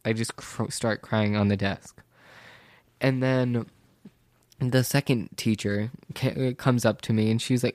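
Speaking at a measured pace, this teen boy vlogs a meandering story about school, quoting people with "I was like" and describing himself as sensitive. His voice is on the low side, steady and slightly mellow, with no echo.

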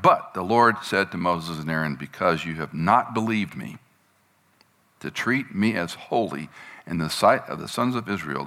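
A man with a lowish, bright and forceful voice preaches a sermon in a plain, conversational way. He reads scripture aloud and breaks into animated, exasperated asides when he acts out the complaints of the people. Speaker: pastor.

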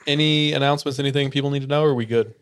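A man's voice: medium pitch, fairly even intonation, clean tone. A man co-hosting a podcast, bantering and joking with filler-heavy casual speech. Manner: joking, quick banter with lots of "like". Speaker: podcast co-host. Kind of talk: casual chat.

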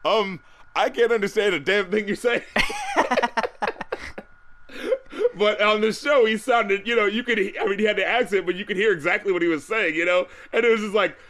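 A man hosts a casual podcast chat, often laughing and slipping into quoted voices. His voice is high for a man. His pitch swings in a lively way. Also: moderate pace. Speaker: podcast host.

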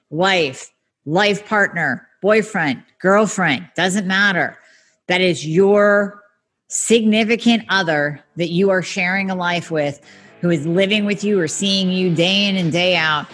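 Female podcast host, lowish pitch, direct and emphatic solo delivery, light swearing, faint music bed. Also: a bit bright. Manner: emphatic, talks straight to listeners, mild swearing. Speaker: podcast host, functional medicine practitioner. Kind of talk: podcast monologue.

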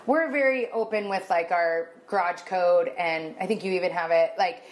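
A woman in her thirties, a podcast co-host telling a story in casual chat, animated, acting out dialogue in a raised voice, emotional and near tears. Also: fairly low pitch, moderate pace.

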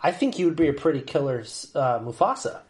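Man, podcast co-host, fairly high voice, casual chat, interrupts, restarts. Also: big pitch swings, fast, darkish tone. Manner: talks over others, restarts and blanks on names.

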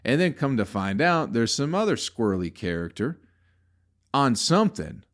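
A man's voice: medium pitch, sing-song, normal speed, fairly bright tone. A male comedian telling a rambling, profane story in a casual podcast, growing exasperated as he talks.

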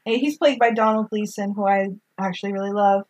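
A woman co-hosting a casual film recap, talking in an animated, gushing way and acting out characters' lines. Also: mid-range voice, a little fast, rough recording. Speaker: podcast co-host.

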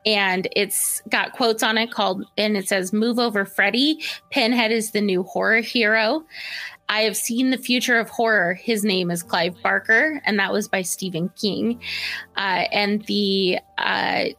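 Measured woman co-hosting a movie podcast. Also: medium pitch, fairly even intonation, pushed and bright, faint music behind. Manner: measured, describing with frequent pauses and fillers. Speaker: podcast co-host. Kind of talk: casual movie review chat.

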